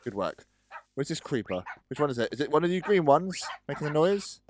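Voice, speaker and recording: A man's voice: fairly high pitch, very animated, fairly quick, a little hiss or hum. A man casually commenting on a building game, chatty and hesitant, often talking to his in-game pets. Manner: chatty, talks to pets, hesitant with many ums. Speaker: gaming video host.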